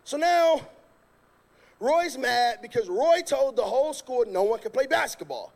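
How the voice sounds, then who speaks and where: A man preaching a sermon, telling a funny story in a lively, colloquial way that turns loud at times. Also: extremely high pitch, a little slow, creaky.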